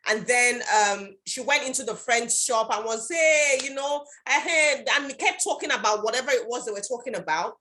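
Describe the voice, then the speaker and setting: A woman's voice: fairly high pitch, brisk, hardly any pauses, pushed and bright, a little hiss or hum. A woman hosting a casual chat, retelling a story she saw online. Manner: retells stories, acting out the voices in them. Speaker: host.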